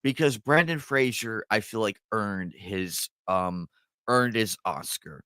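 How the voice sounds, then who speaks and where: A man's voice: on the low side, slow pace, bright, forceful tone, smooth, no echo. A man chatting casually about films in a loose, rambling way, swearing freely as he goes. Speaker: co-host of a movie reaction channel.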